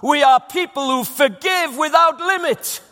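A man's voice: very high-pitched, measured pace, bright, forceful tone, big-room sound. A man preaching a sermon as pastor, emphatic and repeating his phrases for weight. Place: church auditorium.

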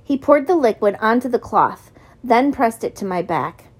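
A woman narrating a novel in the first person, in measured storytelling. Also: a little high, animated, breathy edge. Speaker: audiobook narrator.

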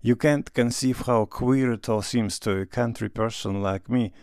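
A man voicing an earnest, awkward country gentleman who speaks bluntly. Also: medium pitch, steady tone, normal speed, clear, resonant tone, no echo, clean studio sound, lightly acted.

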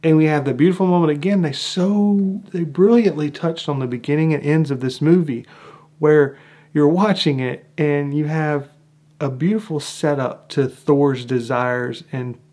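Slow, emphatic man breaking down a film. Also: on the high side. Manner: animated, drawn-out emphatic phrasing with acted-out reactions. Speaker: film analyst. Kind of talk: enthusiastic film breakdown monologue.

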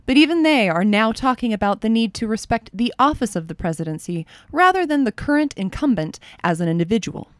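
Woman host of a spoof news radio show, patient and dry, expressive voice. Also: fairly high pitch, brisk, few pauses, no echo. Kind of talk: comedy news radio parody.

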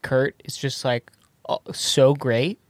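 A man's voice: mid-range voice, level tone, takes it slowly, no room sound. A man hosting a podcast in casual chat, easygoing and enthusiastic, laughing often. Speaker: podcast host.

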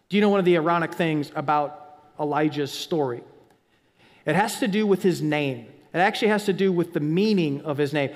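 A man preaching a sermon as pastor, swinging from hushed whispers to loud, emphatic lines. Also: high voice, big-room sound. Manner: dynamic preacher, drops to whispers and rises to near-shouts.

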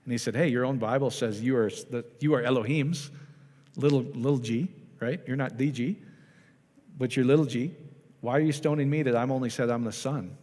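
A man's voice: mid-range voice, fairly quick, darkish tone. A man preaching a casual, conversational sermon, often asking the congregation questions and restarting his sentences. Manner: chatty, asks the congregation questions, many restarts. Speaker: pastor. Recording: long hall reverb.

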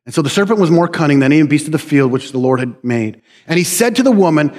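A man's voice: a little high, lively intonation, fast talker, hardly any pauses, a little mellow, big-room sound. A male pastor preaching a sermon in a conversational, joking way, often checking in with "right?".

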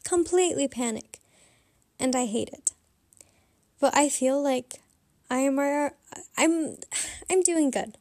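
A young woman with a bright, high voice shares a candid story in a casual confessional vlog. She rambles and reflects on herself as she goes. The recording is dry and close, with no room sound. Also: slow pace, pauses often, dry recording. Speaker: vlogger.

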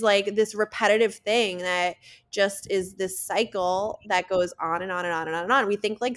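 A woman's voice: mid-range voice, fairly bright tone. A woman with a New Jersey accent, a guest coach explaining ideas in casual, filler-heavy talk. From New Jersey, USA. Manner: rambling, filler-heavy, laughs easily. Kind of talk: casual interview chat.

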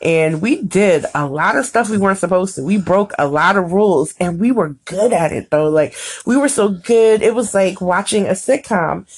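A woman in her thirties chatting casually with her partner, telling stories in an animated, playful way. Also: mid-range voice, moderate pace, hardly any pauses, slightly rough. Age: 30s. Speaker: podcast co-host. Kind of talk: casual chat.

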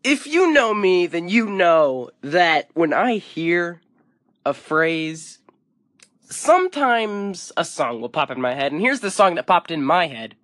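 A man's voice: a little high, sing-song, slow, a bit bright, no room sound. A young man hosting a comedic solo podcast in a playful, theatrical way. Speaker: podcast host.

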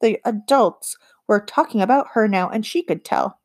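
Woman reading a children's novel aloud. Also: mid-range voice. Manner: calm, measured storytelling. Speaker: audiobook narrator. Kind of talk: scripted audiobook narration.

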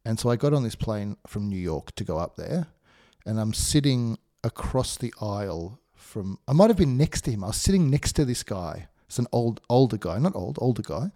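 A man, co-hosting a podcast and telling animated stories with laughs. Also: normal speed, no room sound, clean studio sound. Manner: animated, laughing storyteller, pitch jumps when excited. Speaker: podcast co-host. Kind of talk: casual chat, anecdote.

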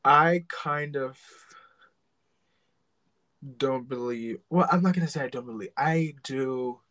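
A man's voice: medium pitch, takes it slowly, bright, forceful tone, rough recording. A man co-hosting a podcast in casual chat, hesitant and full of restarts. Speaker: podcast co-host.

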